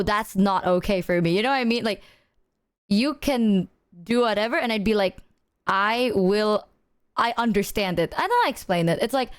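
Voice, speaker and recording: A woman's voice: mid-range voice, clear, resonant tone. A woman streamer co-host in casual chat, earnest and reassuring. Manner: earnest, reassuring, laughs between lines.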